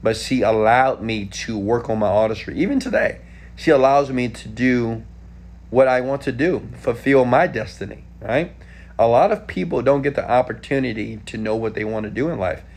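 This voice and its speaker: A man in his thirties from Houston, Texas, answering viewer questions in a casual live stream, animated and talking straight to viewers. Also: medium pitch, moderate pace. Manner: animated, talks straight to viewers with frequent "okay?".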